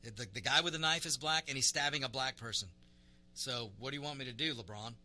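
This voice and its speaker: A man's voice: medium pitch, fast talker, pushed and bright. A man acting out a flustered male police officer who pleads and grows exasperated, in a comic bit on a talk show.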